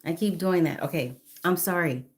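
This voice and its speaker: A woman in her fifties with a lowish voice chats at a moderate pace on a phone live stream. She greets viewers by name and apologizes now and then.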